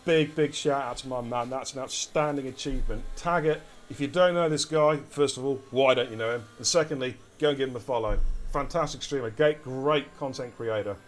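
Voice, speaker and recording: A man with an English accent giving lively, chatty live commentary on an esports race and talking to his chat as he goes. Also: mid-range voice, fairly quick, a little hiss or hum. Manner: energetic, chatty, addresses chat directly.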